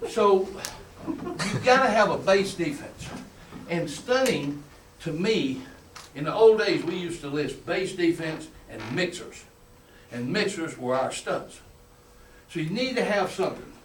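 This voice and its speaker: An older football coach with a high, expressive voice tells colorful, emphatic stories at a clinic at a measured pace, chuckling along the way. It's a folksy storytelling lecture captured on a roomy, distant mic with faint room noise.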